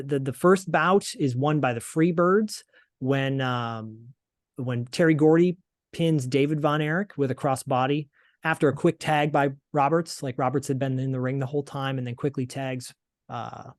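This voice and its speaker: Male podcast host, mid pitch, chatty recap full of fillers, dry close mic. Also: steady tone, moderate pace, no echo. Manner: chatty, hesitant with frequent fillers and restarts.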